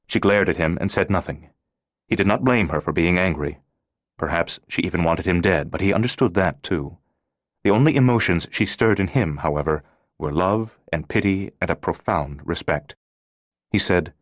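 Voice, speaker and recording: A man reading an audiobook thriller in a steady, measured scripted narration. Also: low-pitched, no room sound, studio quality.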